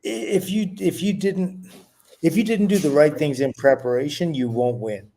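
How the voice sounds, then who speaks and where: A man in casual conversation, speaking slowly and reflectively. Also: on the high side, mellow.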